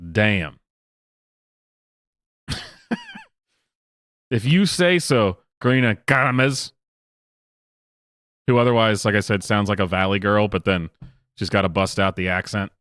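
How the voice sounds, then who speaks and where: A man's voice: fairly low pitch, unhurried, pauses often, a bit bright, no echo, clean studio sound. A man hosting a casual live-stream, talking in a rambling, mocking way with lots of fillers and laughs. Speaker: streamer host.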